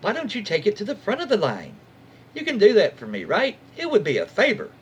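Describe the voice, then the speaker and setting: A man's voice: sits high, huge pitch swings, fairly quick, a bit bright, slightly rough, pitched above the performer's own voice, full character voice. A man voicing a pushy elderly woman shopper who talks in a foreign accent and insists on favors. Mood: insistent. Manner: demanding, insistent.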